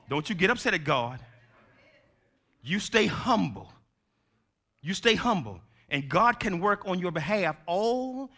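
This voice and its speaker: A male preacher giving a sermon in call-and-response style, swinging from shouts to hushed tones. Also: fairly high pitch.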